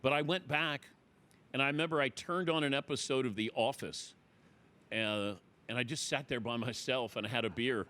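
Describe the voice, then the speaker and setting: A middle-aged man hosting a talk show, telling a story in casual chat and acting out the people he quotes with loud, high exclamations. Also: moderate pace. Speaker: radio show host.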